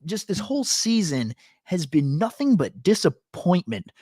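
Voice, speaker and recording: A man's voice: sits high, very animated, measured pace, warm tone, dry recording, studio quality. A man co-hosting a sports podcast, ranting in casual chat with lots of fillers. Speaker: podcast co-host.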